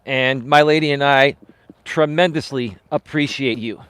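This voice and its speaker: A man's voice: mid-range voice, a little slow, fairly bright tone, clean tone, no echo. A man, a life coach, talking earnestly to viewers on a live stream while out walking, repeating himself for emphasis. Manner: earnest, repetitive, motivational, addresses viewers as folks. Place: outdoors, walking.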